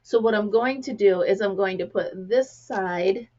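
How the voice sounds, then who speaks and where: A woman with a gravelly voice, chatting casually to camera as a crafting vlog host and acting out the people in her stories. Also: medium pitch, measured pace, darkish tone, lo-fi sound. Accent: American. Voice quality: gravelly, clears throat often. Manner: chatty storyteller, acts out quotes.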